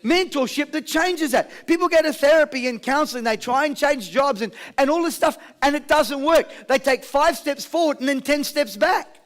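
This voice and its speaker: At a live seminar, a motivational speaker with a very high voice talks at a moderate pace. He gets the crowd calling back to him with energy and tells stories full of jokes.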